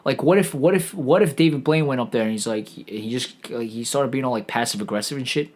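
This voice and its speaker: Guy streamer ranting, lots of swearing and stuttery restarts, average pitch. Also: fast talker, a little mellow. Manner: rambling, stammering restarts, heavy swearing. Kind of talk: profane comedic rant.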